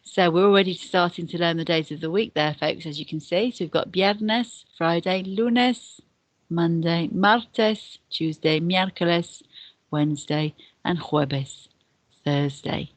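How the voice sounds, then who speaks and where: In a lowish voice on a dry recording, a woman who is a deputy head and Spanish teacher gives a recorded beginner language lesson. She explains patiently and step by step, often repeating words to her pupils.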